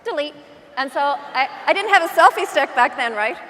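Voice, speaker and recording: A woman's voice: high-pitched, animated, fairly quick, fairly bright tone, in a large hall. A woman with a Newfoundland accent giving a chatty, self-deprecating conference talk from a stage microphone. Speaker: real estate agent giving a conference talk. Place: large conference hall.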